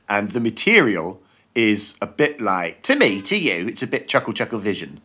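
A man, a comedian and actor, chatting as a podcast guest and acting out the quotes in his stories. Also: moderate pace. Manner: animated, acts out quotes with shifting pitch. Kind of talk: casual podcast chat, storytelling.

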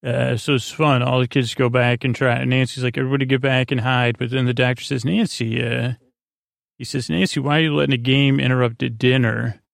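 A man talks through a story recap at an easy ramble, stopping for "uh" and restarting his sentences. His voice is gravelly and stays on an even, flat line, and the recording is close and dry with no room sound. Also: medium pitch, fairly quick, no room sound. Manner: meandering, hesitant, full of "uh" and restarts; quotes characters in his own plain voice. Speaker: podcast host. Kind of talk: rambling episode recap for sleep.

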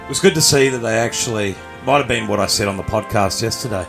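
Low-voiced easygoing man with music. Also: quick pace, vocal fry. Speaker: podcast co-host. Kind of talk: casual banter on a live show.

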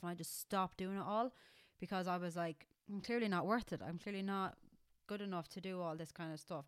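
Irish woman in her twenties, low-pitched. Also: dry recording. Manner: candid, rambling, many fillers and restarts. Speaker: podcast co-host. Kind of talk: casual chat.

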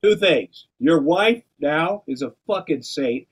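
A man's voice: fairly high pitch, lively intonation, slow pace, husky. A man in casual chat, bluntly scolding and swearing as he gives advice.

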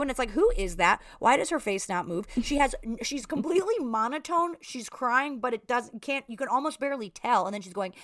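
Rambling animated woman podcaster. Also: on the high side, fast, few pauses, no echo, clean studio sound. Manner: rambling, animated, lots of "like" and "you know what I mean". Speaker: podcast co-host. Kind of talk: casual recap chat.

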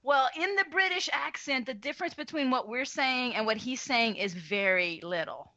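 An American woman co-hosting a podcast in casual chat, animated and quick to laugh. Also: high-pitched, dry recording, muffled recording. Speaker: podcast co-host.

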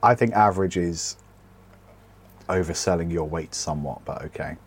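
A man's voice: sits low, moderate pace, slightly rough. A man co-hosting a comedy podcast, talking in a sardonic, rambling way and swearing freely. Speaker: podcast co-host. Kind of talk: casual comedic chat.

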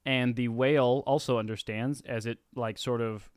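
A game master narrating a tabletop role-play with animated energy, recorded dry and close. The voice sits at a middling pitch and breaks into character lines now and then. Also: moderate pace, smooth, no echo.

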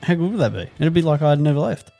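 A man's voice: on the high side, big pitch swings, fast talker, creaky, mellow, faint music behind. A young Australian man co-hosting a podcast, chatting casually with lots of swearing and laughter. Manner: laid-back, swears a lot, laughs often. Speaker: podcast co-host. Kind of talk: casual chat.

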